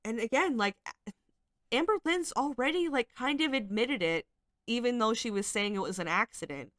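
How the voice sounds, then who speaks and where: A woman's voice: on the high side, animated, normal speed, fairly bright tone, no room sound, studio quality. A woman giving casual, rambling commentary as she reads screenshots, hedging a lot and sounding exasperated and critical. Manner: rambling, hedging with frequent fillers. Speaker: commentary channel host.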